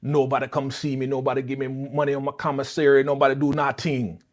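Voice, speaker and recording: A man doing a comic impression of a defiant, jailed male uncle with a put-on Jamaican accent, low and growling. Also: flat delivery, fast, close to an everyday voice. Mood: bitter. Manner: growling, threatening, mocking impression. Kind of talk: comic impression in a reaction stream.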